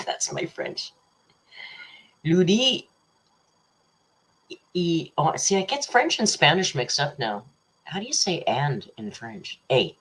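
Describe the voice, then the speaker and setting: Low husky-voiced woman, chatty livestream host, rambling and teasing, reads super chats. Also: sing-song, slow pace, long pauses, a bit bright. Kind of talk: casual live chat reading super chats.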